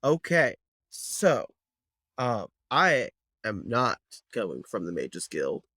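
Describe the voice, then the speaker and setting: A man's voice: lowish voice, wildly swooping pitch, takes it slowly, pushed and bright, no echo, studio quality, voice pushed down, full character voice. A man voicing a bearded male gnome druid who talks in a folksy drawl and grumbles about mages, in a tabletop role-play. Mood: suspicious.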